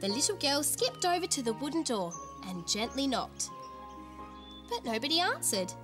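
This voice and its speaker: A woman storyteller hosting a children's television show, giggly and sing-song. Her high voice swoops up and down with delight. Music plays clearly behind her. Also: sing-song, normal speed. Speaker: storyteller host.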